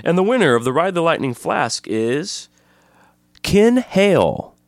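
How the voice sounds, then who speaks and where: Animated male podcast co-host. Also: fairly high pitch, gravelly, no echo, clean studio sound. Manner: animated, drawn-out announcer delivery for prize draws. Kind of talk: casual podcast chat.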